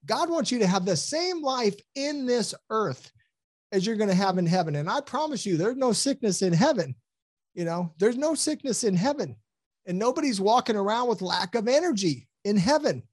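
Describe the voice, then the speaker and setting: High-voiced, fervent man preaching health. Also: animated, normal speed. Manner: enthusiastic, preacherly, laughs often. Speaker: health program guest. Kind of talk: podcast interview, testimony and preaching.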